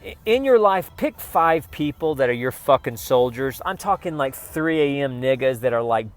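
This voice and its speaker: A man's voice: medium pitch, animated, moderate pace, dry recording. A man ranting casually to camera in a profane, rambling, frustrated way, with music playing faintly behind him. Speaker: vlogger.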